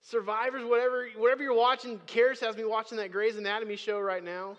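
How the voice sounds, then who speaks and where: A man's voice: high voice, flat delivery, quick pace, hardly any pauses, fairly bright tone, muffled recording. A man preaching a sermon as pastor, speaking conversationally and rising to emphatic bursts. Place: church sanctuary. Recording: long hall reverb.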